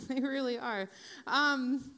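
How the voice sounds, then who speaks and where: A woman's voice: high-pitched, very slow, sharp tone. A woman in her forties doing a stand-up comedy set, with dry, profane, self-mocking asides to the audience.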